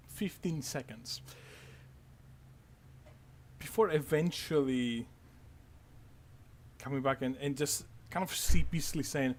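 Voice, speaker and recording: A man running a tabletop game as game master, narrating in an unhurried, casual way. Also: medium pitch.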